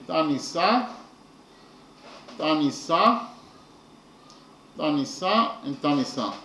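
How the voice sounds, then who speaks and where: A man teaching a lesson on poetry, speaking haltingly and often checking understanding. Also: high voice. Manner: halting, repeats points with "okay?". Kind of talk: lecture on poetry. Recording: echoey room, mic at a distance, faint noise.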